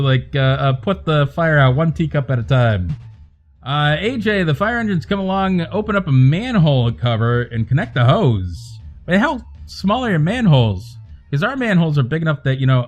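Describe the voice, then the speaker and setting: A man hosting a livestream, chatting casually to viewers in a calm, soothing voice and rambling from joke to joke. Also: medium pitch. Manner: rambling, joking, talks to chat by name. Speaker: livestream host.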